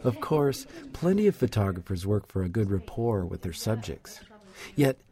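A man narrating a radio news feature as a reporter, in a measured, reflective way. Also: lowish voice, sing-song, mellow.

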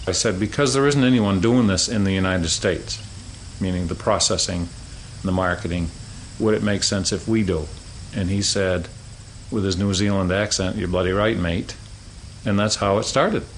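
Low-voiced plainspoken farmer, outdoors. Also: male voice, moderate pace, slight background noise, poor audio. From Maine. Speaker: deer farmer. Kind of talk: interview clips. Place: outdoors on a farm.

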